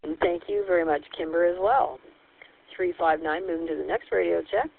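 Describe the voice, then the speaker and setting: A woman acting as net control on a ham radio net, working through check-ins by call sign in a steady, procedural way. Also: fairly low pitch, brisk, creaky, husky. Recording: tinny radio transmission.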